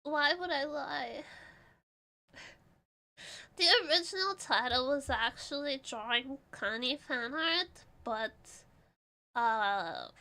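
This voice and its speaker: A young woman streaming casually, congested and clearing her throat, playful and giggly with dramatic outbursts. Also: sits high, animated, takes it slowly, pauses often, bright, forceful tone.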